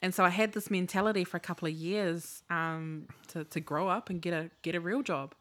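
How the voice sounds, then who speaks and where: A woman's voice: lowish voice, steady tone, fairly quick, a bit bright. A woman, co-hosting a casual chat, talking candidly, swearing freely and acting out the lines of people in her stories. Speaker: podcast co-host.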